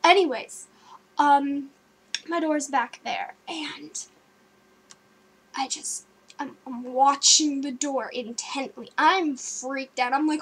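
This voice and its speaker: A young woman with a high, girlish voice tells a story straight into her webcam at home. She is animated and jumpy, breaking into gasps and sudden loud outbursts. Her talk is loose and full of likes and ums. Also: slow. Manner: filler-heavy, with many likes and ums. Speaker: vlogger.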